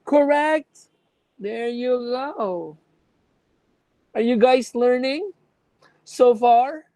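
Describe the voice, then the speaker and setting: A woman's voice: fairly high pitch, extremely slow, dark tone, no echo, rough recording. A woman lecturing a class on contact lenses, explaining with examples and checking that students follow.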